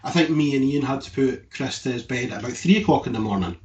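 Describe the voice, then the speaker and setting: A man's voice: medium pitch, lively intonation, fast talker, darkish tone, dull audio. A man hosting a casual chat, eager and keeping the conversation moving. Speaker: host. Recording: faint background noise.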